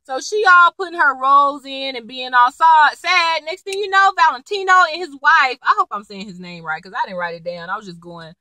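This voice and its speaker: A young woman with a high, very bright voice chats through a TV episode recap. She is slangy and animated and acts out the characters' lines, and her pitch swings all over. The sound is dry and close. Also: a little fast, hardly any pauses, dry recording, poor audio. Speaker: TV episode reviewer. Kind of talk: casual chatty recap.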